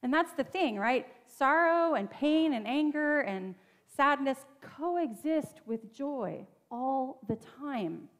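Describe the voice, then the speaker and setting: A woman's voice: sits high, animated, slow pace. A woman pastor giving a sermon in a conversational, earnest way, with asides to her listeners. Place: church sanctuary. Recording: long church reverb.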